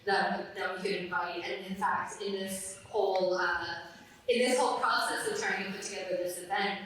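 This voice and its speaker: A woman's voice: medium pitch, steady tone, normal speed, fairly bright tone, distant mic. Woman host thanking a speaker, echoey hall. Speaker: event host. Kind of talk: live event remarks. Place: large hall. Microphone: distant room mic.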